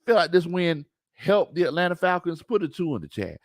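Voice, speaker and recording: Animated man hosting a live sports chat. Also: fairly high pitch, dry recording, studio quality. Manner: animated, laughs often, drawn-out colloquial speech. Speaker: sports talk show host. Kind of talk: casual live-stream chat reading viewer comments.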